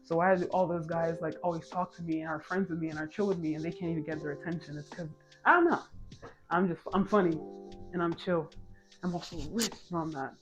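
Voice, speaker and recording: A woman's voice: lowish voice, steady tone, dull audio, music in the background. Woman, 20s, casual storytime vlogger, chatty, self-mocking. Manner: chatty, quick asides and self-mocking jokes.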